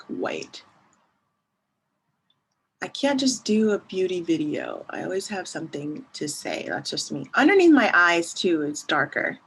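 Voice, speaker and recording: This woman in her thirties, a beauty vlogger, talks through a face mask review in a chatty, digressive way, frequently laughing and reading labels out loud. Her voice sits low with a fairly bright tone, and there's slight background noise.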